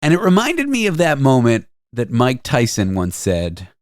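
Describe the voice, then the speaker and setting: A man hosting a podcast, telling stories in an animated, self-deprecating way. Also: medium pitch, normal speed, dry recording, studio quality. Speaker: podcast host. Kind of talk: casual chat.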